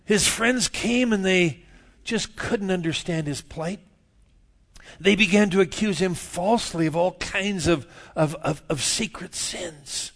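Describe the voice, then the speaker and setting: A middle-aged man preaching a sermon, telling stories and swinging from quiet asides to loud outbursts. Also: high-pitched, unhurried. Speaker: pastor. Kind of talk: sermon with storytelling.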